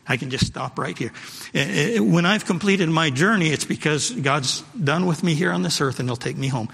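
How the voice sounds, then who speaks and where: In a church sanctuary full of long hall reverb, a man with a slightly high, gravelly, a bit bright, and somewhat rough voice preaches. He hammers his points through repetition and calls out to the congregation in a preachy manner.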